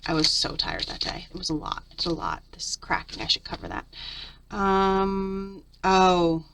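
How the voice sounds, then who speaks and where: A woman's voice: on the low side, very animated, unhurried, creaky, fairly bright tone, slight background noise. A middle-aged woman chatting candidly through a journal flip-through, venting about her week. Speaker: papercraft vlogger.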